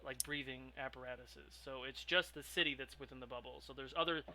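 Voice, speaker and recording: A man's voice: medium pitch, fairly even intonation, brisk, sharp tone. A man narrating as game master of a tabletop role-play, rambling with lots of ums and restarts. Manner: rambling, filler-heavy, self-interrupting.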